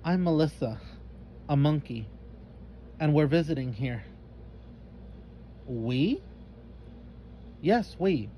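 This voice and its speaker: A man's voice: fairly high pitch, lively intonation, takes it slowly, pauses often, warm tone, slight background noise. A man doing a curious young monkey girl.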